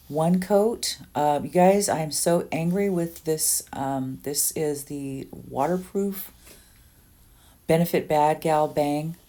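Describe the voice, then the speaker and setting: A woman in her sixties with a low, mellow voice talks through her makeup at home as if chatting with friends. She rambles a little, trailing into ums and side remarks as she works. Her tone stays easygoing and conversational. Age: 60s. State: under the weather. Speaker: beauty vlogger. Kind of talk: casual get-ready-with-me makeup tutorial.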